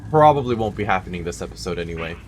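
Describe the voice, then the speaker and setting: A man's voice: low voice, animated, racing, a little hiss or hum. A man giving casual gameplay commentary, with wry asides muttered to himself. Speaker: gameplay video host. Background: game music.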